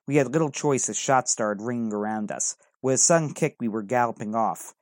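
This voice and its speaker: A man's voice: medium pitch, fairly quick, a little mellow, no room sound, clean studio sound. A man reading a first-person adventure story aloud in an earnest, dramatic way. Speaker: narrator.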